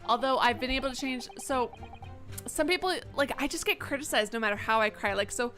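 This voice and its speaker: A young woman streamer with a fairly high voice talks candidly into her desk mic, rambling and swearing freely as she chats to viewers. Faint game music plays softly behind her. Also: fairly quick. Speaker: livestreamer. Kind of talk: casual live-stream chat while gaming. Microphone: desk microphone.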